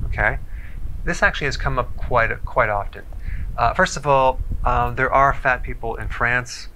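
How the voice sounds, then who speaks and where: Man, health presenter, measured explanatory talk, bright forceful tone, faint hiss. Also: medium pitch, poor audio. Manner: measured, explanatory, checks in with "okay?".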